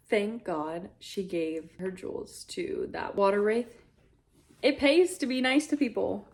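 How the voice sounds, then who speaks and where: A woman reacting out loud as she reads a fantasy novel, gushing and sometimes dropping to a whisper. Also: mid-range voice. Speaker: book vlogger. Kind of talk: reading vlog reactions.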